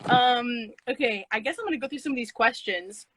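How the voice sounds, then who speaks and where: A woman's voice: a little high, fairly quick, fairly bright tone, slight background noise, low-quality recording. A woman hosting a casual livestream chat on her phone, giggly and a little scattered as she reads out fan questions. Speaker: livestream host. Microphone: phone video stream.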